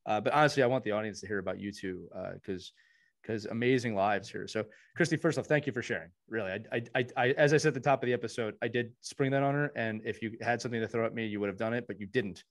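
A man's voice: fairly low pitch, fast talker. A man hosting a casual podcast, talking in an effusive, earnest way as he praises his co-hosts. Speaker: podcast host.

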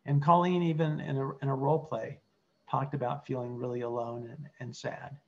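A middle-aged man, a clinical psychologist, teaching a workshop in an earnest way and modelling calm, empathic replies. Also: medium pitch, moderate pace, creaky, highs cut off. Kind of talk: teaching workshop with role-play examples.

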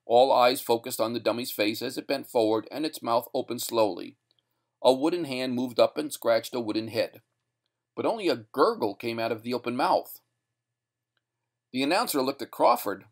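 A man reading a short story aloud in a steady, measured narration. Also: medium pitch.

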